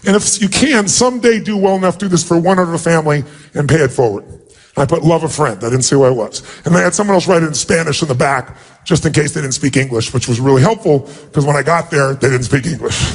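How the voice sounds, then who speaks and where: Motivational speaker guy, kinda high voice, heartfelt emphatic storytelling. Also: fast, slightly rough. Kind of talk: personal storytelling talk.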